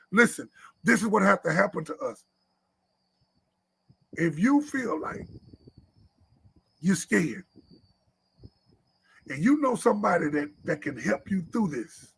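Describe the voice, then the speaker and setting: A man preaches with fervor, repeating his lines and now and then rising to a shout. His voice is high, raspy and gravelly, with a bright, tense edge. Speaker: preacher at a men's church meeting. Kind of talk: sermon. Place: church live stream.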